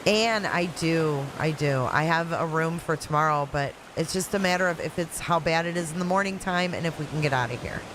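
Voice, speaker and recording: A woman's voice: deep voice, a little fast, hardly any pauses, noisy background. A woman with a Michigan accent hosting a casual livestream, chatting and answering viewer comments one after another. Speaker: livestream host. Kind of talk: casual live-chat stream. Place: at home in Florida riding out a hurricane.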